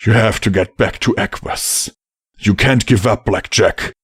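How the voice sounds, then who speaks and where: A man voicing a gentle, dying stallion father who speaks softly and tenderly, as an audiobook character. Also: fairly low pitch, a little slow, breathy edge, no echo, heavily acted. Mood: resigned. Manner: soft, tender and quiet.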